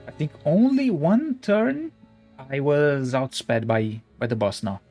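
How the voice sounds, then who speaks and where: Chatty streamer man, slightly higher voice. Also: lively intonation, slow pace, a little mellow, faint music behind. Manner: casual, self-deprecating, stumbling restarts. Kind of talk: live-stream gameplay chat and reading.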